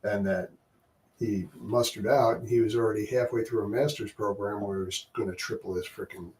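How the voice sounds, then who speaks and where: A man's voice: fairly low pitch, steady tone, fairly quick, a little mellow. A man co-hosting a podcast in casual chat, laid-back and plain-spoken. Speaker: podcast co-host. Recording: distant from the mic.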